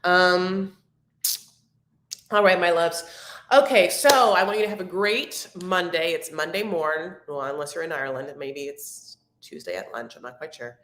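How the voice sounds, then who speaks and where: Fairly bright in tone though on the low side, her voice moves at a moderate pace as she hosts a live recap stream. She goes through viewer comments in relaxed, fond, rambling chat, recorded in an echoey room at home.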